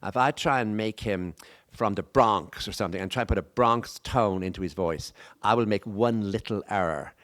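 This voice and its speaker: Man, Irish accent, rambling live storyteller, fairly low voice, many restarts and asides. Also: moderate pace, fairly bright tone. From Ireland. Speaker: author. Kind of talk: talk at a live book event. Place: stage before a live audience.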